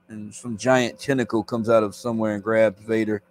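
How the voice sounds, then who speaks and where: A man reading comics aloud on a live stream, casual and halting, stumbling over words and stopping to comment. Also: fairly low pitch, flat delivery.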